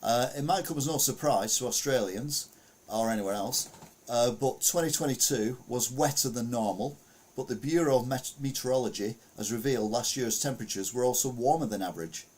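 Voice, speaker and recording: A British podcast host reads news stories in a casual, rambling way, chuckling and muttering to himself as he shares his screen. His medium-pitched voice is a little fast and a little mellow.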